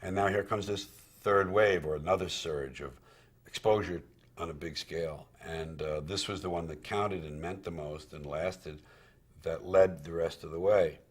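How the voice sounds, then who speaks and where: Low-voiced man telling career stories. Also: moderate pace. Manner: candid and profane, acts out quoted dialogue. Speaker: stand-up comedian. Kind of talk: reflective career storytelling.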